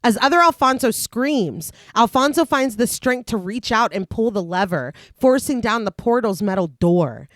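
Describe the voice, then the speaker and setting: Woman podcast co-host, animated recap delivery, dry close mic. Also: on the high side, normal speed, few pauses, dry recording. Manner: recaps plot in long lively read-through, laughs often. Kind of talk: casual chat and plot narration.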